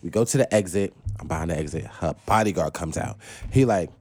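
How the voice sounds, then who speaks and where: A man's voice: low voice, brisk. A man on a podcast telling a story with lots of energy, slangy and laughing, acting out voices as he goes. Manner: lively, acts out voices in his stories. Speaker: podcast guest. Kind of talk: animated storytelling.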